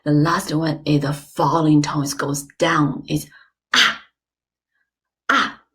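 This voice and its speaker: A woman teaching an online lesson, slow and clear, with playful examples. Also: sits low, flat delivery. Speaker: Chinese teacher.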